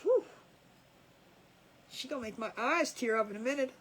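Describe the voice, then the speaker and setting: A woman's voice: on the high side, lively intonation, normal speed, fairly bright tone, low-quality recording. A woman chatting casually to viewers while she crafts, laughing often at her own jokes. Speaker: crafting livestream host. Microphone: camera over a crafting table.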